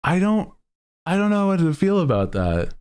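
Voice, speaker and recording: A man's voice: high-pitched, very animated, moderate pace, clean tone. A man streaming, chatting casually to his chat in a laid-back, rambling way with lots of fillers. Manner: bursts into loud laughter.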